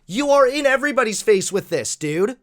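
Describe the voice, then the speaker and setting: A man hosting reaction commentary, animated, mocking and profane. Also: extremely high pitch, brisk. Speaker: host.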